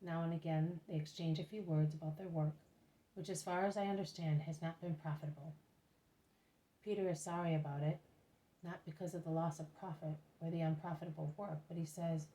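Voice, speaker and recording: A woman narrates a religious book as an audiobook reading. She reads steadily and with measure, in a low voice with a warm, mellow tone. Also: fairly even intonation, a little fast, low-quality recording. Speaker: reader.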